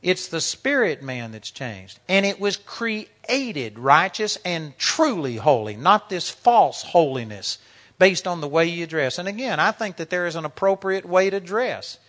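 A man in his sixties preaching a sermon, telling stories in an animated way and often laughing as he talks. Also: high voice, a little slow. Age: 60s. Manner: animated storytelling, laughing through anecdotes.

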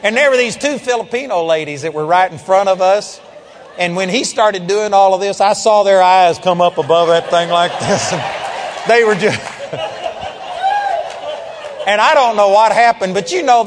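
A man preaching, telling a story in an animated, emphatic way and calling out amen. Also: sits high, big-room sound, background noise. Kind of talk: storytelling sermon.

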